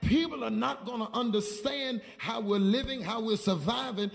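A man's voice: high voice, moderate pace, creaky, hardly any pauses, in a large hall. A man preaching a sermon as a prophet, telling stories with quoted dialogue and leading call-and-response with the congregation. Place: church.

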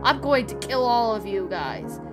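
A woman's voice: a little high, a little slow, natural voice. A woman voicing a murderous female cement mixer machine, screaming and menacing in a demonic way. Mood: threatening. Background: background music.

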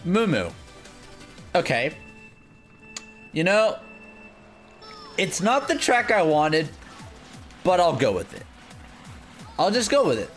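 A man giving live gameplay commentary, excitable and self-mocking, going from muttering to shouting. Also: high voice, slow, long pauses, soft background music. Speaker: gaming video creator.

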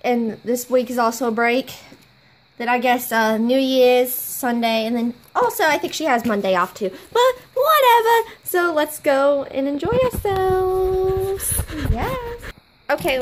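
A young woman plays a brash, wisecracking young host who rambles and bickers with foul-mouthed bluster. Her voice sits high and swoops all over the place. It is a home-video comedy sketch, caught on a camera mic in a living room with a faint hiss behind her. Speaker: fan comedy sketch performer.

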